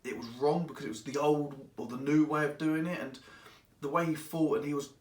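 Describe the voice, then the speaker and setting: A man reviewing a book in casual, rambling speech, excitable and quick to act out the characters. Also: on the high side, far from the mic. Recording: echoey room, voice away from mic.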